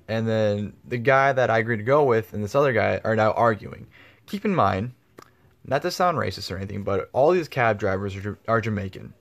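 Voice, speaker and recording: A man's voice: lowish voice, fairly quick, gravelly. A man telling a story in a casual vlog, rambling with lots of fillers and swearing freely. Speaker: vlogger.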